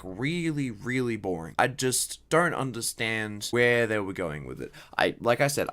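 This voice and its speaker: A man's voice: lowish voice, a bit bright. A young man at his home computer giving a casual movie review, rambling and profane, with many restarts.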